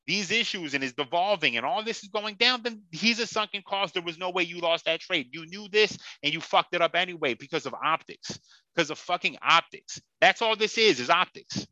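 A man's voice: sits high, animated, fairly quick, pushed and bright, no room sound, low-quality recording. A man hosting a casual sports podcast, talking bluntly and heatedly with plenty of swearing. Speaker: podcast host.

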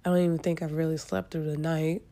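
Tearful woman venting, low gravelly voice. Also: flat delivery, dark tone. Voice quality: congested from sinus trouble. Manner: halting, profane and frustrated, with many restarts and trailing pauses. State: near tears. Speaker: podcast host. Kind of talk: emotional solo podcast venting.

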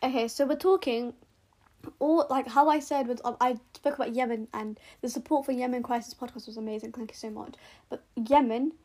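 High-voiced earnest young woman podcaster. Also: fairly even intonation, fairly quick, darkish tone. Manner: earnest, rambling with restarts and repeated words. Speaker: podcast host. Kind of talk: casual solo podcast monologue. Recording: home recording, rough sound quality.

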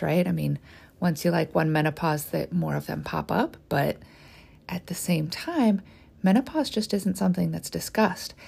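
A woman's voice: fairly low pitch, vocal fry, darkish tone, slightly rough. A woman in her forties, a hormone specialist and trainer, telling a candid personal story in a conversational way with frequent asides to the listener.

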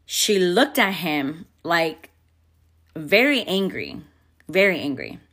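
Bright-voiced young mom ranting candidly. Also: female voice, on the low side, slow pace. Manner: candid, expressive, swears freely. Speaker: vlogger and mother. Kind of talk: casual storytime.

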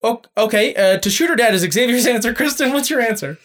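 A woman hosting a casual podcast, quizzing her guests with lots of fillers. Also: fast talker. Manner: quizzing guests, frequent fillers, lively pitch. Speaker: podcast host running a quiz.

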